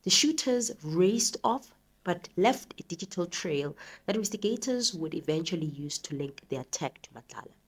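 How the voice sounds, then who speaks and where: A woman talks through the news in a measured commentary style. Her voice sits on the low side and carries a husky, breathy texture. She leans into each point with earnest, emphatic delivery. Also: expressive. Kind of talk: commentary reading news articles.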